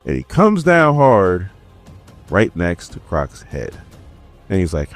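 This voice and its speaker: A man recaps a comic in a relaxed, slangy way. His voice sits low but moves a lot in pitch. Faint background music plays. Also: slow pace, long pauses. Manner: laid-back, slangy storytelling. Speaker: comic book reviewer.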